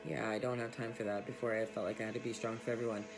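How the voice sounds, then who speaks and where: An outspoken woman coach talks straight to her viewers in a casual live chat. She is warm-hearted and emphatic, with plenty of swearing, as soft music plays faintly in the background. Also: a bass voice, flat delivery, very fast. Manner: emphatic, profane, affectionate. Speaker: spiritual coach and sound healer.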